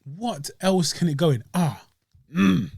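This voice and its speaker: A young man chats easily about a dessert, full of slang and asides. His voice sits a touch high for a man and sounds dry and close-miked. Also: animated, slow, gravelly, a little mellow, slightly rough, dry recording. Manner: laid-back, slangy and chatty, eating while talking. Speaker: podcast host reviewing desserts. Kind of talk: casual chat.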